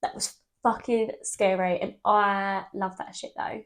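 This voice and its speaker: A young woman co-hosting a podcast, telling ghost stories in animated casual chat and swearing freely. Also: medium pitch, unhurried. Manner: animated storytelling, swears freely, laughs often. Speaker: podcast co-host.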